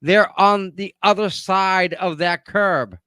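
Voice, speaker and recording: A man's voice: high-pitched, slow, sharp tone, clear, resonant tone, dry recording. A man with a Boston accent arguing his points emphatically in a livestream discussion, repeating himself for weight.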